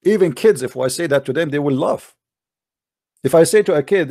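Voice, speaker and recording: A man's voice: a little high, expressive, brisk, creaky. Combative man in heated debate. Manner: forceful, combative, repeats words. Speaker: host of a call-in debate show. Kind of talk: heated call-in debate, then monologue.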